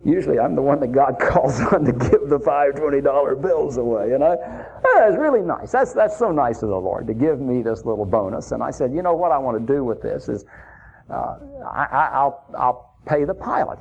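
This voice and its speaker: A male preacher tells a long personal story in a folksy, easygoing way, chuckling now and then. His voice is gravelly and husky, and his pitch swings up and down a lot. The recording is dull and lo-fi. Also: darkish tone. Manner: folksy anecdotal telling with chuckles. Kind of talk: sermon storytelling.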